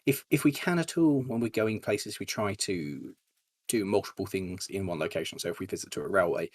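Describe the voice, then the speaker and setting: A man, a YouTuber guest, chatting casually in an interview, telling anecdotes animatedly with sudden high-pitched impressions of other people. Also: brisk, darkish tone.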